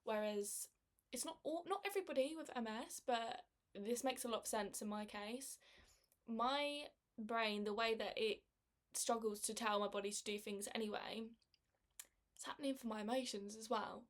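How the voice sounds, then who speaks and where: A young woman speaking candidly about her own experience, halting and emotional, with frequent restarts. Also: on the high side. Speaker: person sharing her experience of living with MS. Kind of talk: candid personal testimony.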